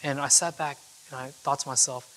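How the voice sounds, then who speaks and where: Young man telling a story on stage, bright voice. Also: medium pitch, steady tone, fairly quick, a little hiss or hum. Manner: casual, chatty storytelling with frequent fillers. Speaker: keynote speaker. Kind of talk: storytelling talk. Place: event hall with audience. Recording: long hall reverb.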